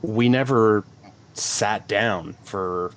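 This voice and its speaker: A man's voice: lowish voice, extremely slow. A man who works as a personal trainer, a guest in a casual chat, talking in a laid-back way and filling his speech with "like" and "man".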